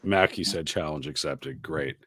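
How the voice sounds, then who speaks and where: A man co-hosting a casual podcast, telling a wild travel story in a profane, animated way and acting out the voices of the people in it. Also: a bass voice, moderate pace. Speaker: podcast co-host.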